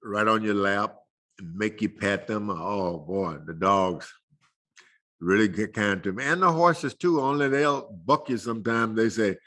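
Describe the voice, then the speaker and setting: Older male guest, folksy chuckling storyteller, bright forceful tone. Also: fairly low pitch, animated, a little slow. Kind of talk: casual storytelling interview.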